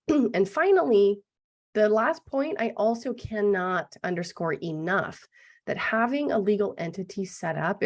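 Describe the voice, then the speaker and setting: Gravelly-voiced woman teaching a masterclass. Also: medium pitch, a little mellow. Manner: explanatory, often adds "right?" as a check-in. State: gruff, throat-clearing voice. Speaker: business lawyer presenting a masterclass. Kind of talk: online masterclass presentation.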